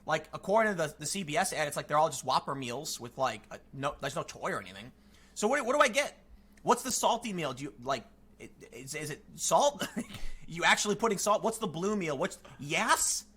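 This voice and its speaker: A young man on a stream rants in casual commentary, animated and sarcastic. His voice sits high and bright, and his pitch swings all over as he mocks what he is reacting to. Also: a little fast, slightly rough. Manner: animated and sarcastic, with frequent mocking quotes.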